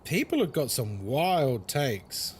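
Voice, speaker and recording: A man's voice: mid-range voice, big pitch swings, takes it slowly, slight background noise. A man hosting a casual game live stream, joking and laughing with his chat. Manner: playful, joking, laughs often.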